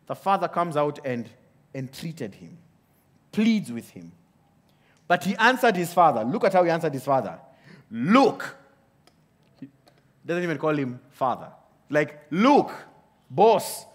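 A man preaching a sermon in an animated way, often asking the audience questions. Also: sits high.

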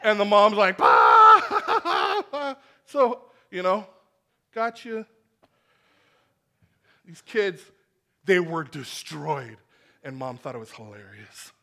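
A man preaching a sermon to a congregation, animated and acting out the voices in his stories. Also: high-pitched, takes it slowly, long pauses. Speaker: pastor. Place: church hall with congregation.

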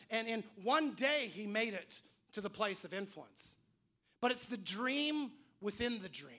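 A man preaching a sermon as pastor, telling animated stories and acting out the voices of the people he quotes. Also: high voice.

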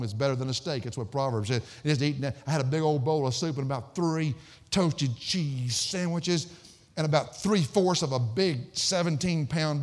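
A man preaching a sermon as pastor, swinging between loud emphatic declamation and low, conversational asides. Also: long reverb tail.

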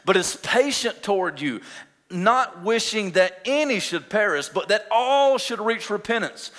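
A man's voice: high voice, expressive, a little slow, a bit bright. A young adult man preaching a sermon as pastor, impassioned and drawing the congregation in. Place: church. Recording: long reverb of a church hall.

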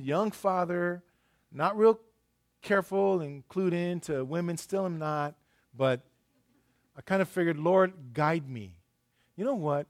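A middle-aged man preaching a sermon, telling stories and swinging between loud emphasis and hushed asides. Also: sits high. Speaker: pastor.

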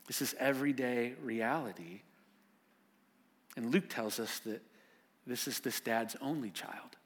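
Preacher telling a story with vivid swings. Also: male voice, mid-range voice, unhurried. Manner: vivid storytelling, swinging from loud and urgent to hushed. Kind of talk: sermon.

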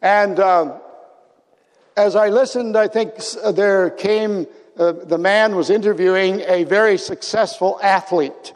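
A man's voice: high voice, long reverb tail. A man preaching a sermon as a pastor, telling stories in a reflective way and dropping to near-whispers for emphasis.

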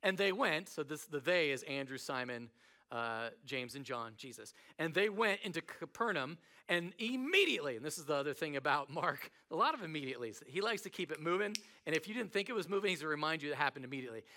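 A man preaching a sermon as pastor, talking in a casual, animated way and acting out the people in the story. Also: fairly high pitch, quick pace. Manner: conversational, animated, acts out voices.

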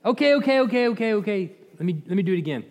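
A man voicing a greedy, flustered prophet for hire, talking in a hurried, placating way, recorded in an echoey hall. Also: mid-range voice, steady tone, voice pushed down, close to an everyday voice.

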